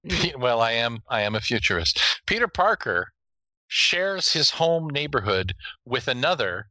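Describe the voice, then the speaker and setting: A man's voice: medium pitch, big pitch swings, measured pace, sharp tone, no echo. A middle-aged man co-hosting a podcast in casual chat, jokey and rambling, often groping for names. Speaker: podcast co-host.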